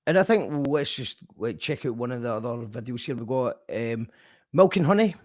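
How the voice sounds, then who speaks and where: A man's voice: medium pitch, lively intonation, a little fast, no room sound, clean studio sound. A man hosting a radio interview, talking in an encouraging, emphatic way with many restarts. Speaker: radio show host. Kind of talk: casual interview chat.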